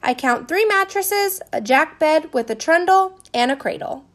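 A woman voicing a weary, patient male census taker who speaks formally and measured. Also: high-pitched, expressive, voice pushed up.

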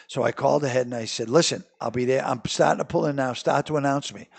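A man with a Boston accent, a comedian guest telling rambling, animated stories in casual chat. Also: medium pitch, fast, gravelly, few pauses. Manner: rambling, animated storyteller with many restarts.

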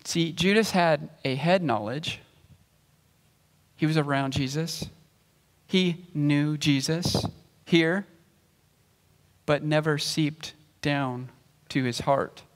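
A slow, measured preaching man in a reverberant hall. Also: a little high. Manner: measured, explanatory preaching, reading scripture aloud. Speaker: pastor. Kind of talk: sermon. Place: church sanctuary.

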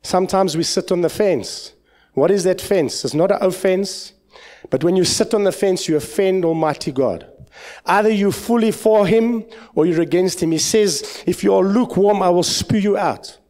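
At normal speed, a man with a South African accent preaches an impassioned church sermon, shifting between loud proclamations and quiet asides.

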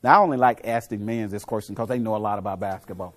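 A middle-aged man giving a motivational speech to a live audience, telling coaching stories and quizzing the crowd, dropping to low murmurs and then rising to loud punchlines. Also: fast talker, few pauses. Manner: preachy storyteller, asks the crowd questions, swings from low murmurs to loud punchlines. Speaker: motivational speaker.

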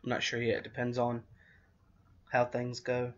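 A man who reads horror books aloud, signing off in a relaxed, rambling way. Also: mid-range voice, normal speed, highs cut off. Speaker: audiobook reader. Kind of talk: casual sign-off after a book reading.

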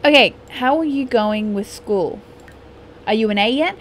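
A woman's voice: medium pitch, measured pace, a little hiss or hum. A young woman, chatting casually as she plays a life-simulation game and playfully scolding her characters. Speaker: gaming YouTuber. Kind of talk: casual gameplay commentary.

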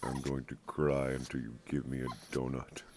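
Sulky pet begging for donuts, man putting on the voice, very deep and low, noisy home video. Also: level tone, normal speed. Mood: whiny.

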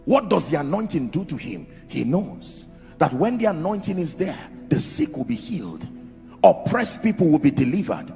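A man's voice: high-pitched, vocal fry. A man preaching a sermon in an emphatic style, asking the crowd rhetorical questions. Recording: echoey hall with music under.

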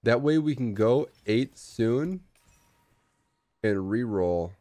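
An excitable male streamer talking through his game, his pitch leaping all over the place. He drops into low mutters and then bursts into loud yelps. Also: slow pace. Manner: excitable, swings from mumbling to shouting. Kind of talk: live gameplay commentary.

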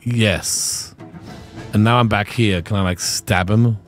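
A man's voice: lowish voice, steady tone, takes it slowly, faint music behind. A man streaming a game, rambling casually with lots of filler words as he picks his moves. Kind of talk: casual gameplay commentary.

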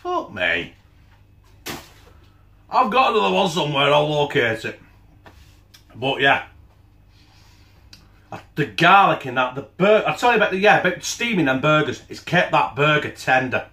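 A man with a fairly high, bright, forceful voice hosts a laid-back cooking vlog, speaking in a sing-song manner at a measured pace with long pauses. He trades blunt, sweary jokes and sometimes talks through a mouthful as he tastes. The room is echoey.

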